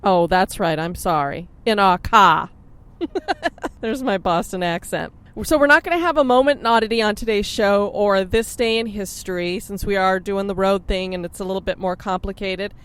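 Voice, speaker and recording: A woman's voice: mid-range voice, moderate pace, clear, resonant tone. A woman hosting a podcast, chatting in an upbeat, laughing way from inside a car, sharing one mic. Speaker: podcast host. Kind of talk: casual chat. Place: in a car on a road trip. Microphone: sharing one mic with co-host.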